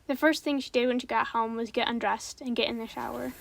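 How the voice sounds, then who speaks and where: Calm woman narrating a spooky story. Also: fairly high pitch, creaky, a little hiss or hum. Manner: calm, measured, steady.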